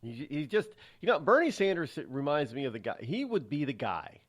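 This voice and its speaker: A man's voice: on the high side, very animated, normal speed. A man hosting a talk radio show, delivering a sarcastic, rambling opinion monologue with frequent restarts and repeated words.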